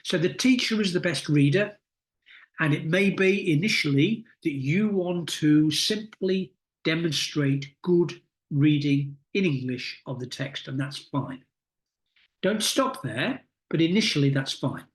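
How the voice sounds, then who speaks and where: A middle-aged teacher trainer coaches teachers in a recorded lesson, explaining reading techniques deliberately and instructively with many pauses. His voice is a little high and animated.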